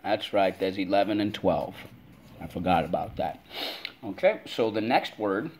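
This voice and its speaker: A man's voice: on the low side, animated, moderate pace, darkish tone, a little hiss or hum. A man teaching a spelling lesson to kids, drilling words in call-and-response and stretching them out syllable by syllable.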